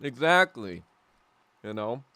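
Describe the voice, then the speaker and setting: Slow and sing-song, a young podcast host's medium-pitched voice has a sharp tone as he rambles through stories during a casual livestream chat while eating. He laughs often and swears a lot.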